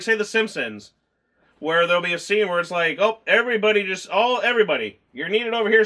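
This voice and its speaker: High bright-voiced man reviewing a film. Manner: rambling, acts out scenes in mock voices. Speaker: movie reviewer. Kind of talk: casual film review chat.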